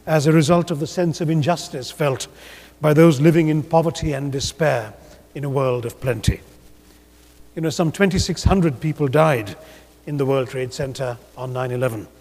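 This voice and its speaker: A man's voice: a little high, slightly rough. Rhetorical man speaking in a reverberant hall. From India. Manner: measured, rhetorical, gently humorous. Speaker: keynote speaker. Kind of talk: conference speech. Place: large conference auditorium.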